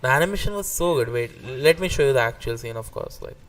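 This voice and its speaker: Excitable gravelly man streaming live. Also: mid-range voice, fast talker, distant mic. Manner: excitable, swears casually, restarts often. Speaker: streamer ranking anime arcs. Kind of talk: casual live-stream reaction commentary.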